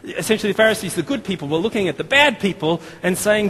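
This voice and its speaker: Australian male preacher, 30s, casual and self-deprecating, slightly high pitch, long church reverb. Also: expressive, quick pace, hardly any pauses, fairly bright tone, husky. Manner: chatty and self-deprecating, with many fillers and restarts. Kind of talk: sermon. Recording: long hall reverb, faint room noise.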